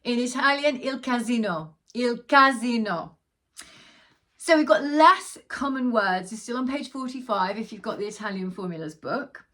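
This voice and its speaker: A woman teaching an online lesson, chatting casually and slowly drawing out example words for the viewer to repeat. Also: fairly high pitch, lively intonation, bright, forceful tone.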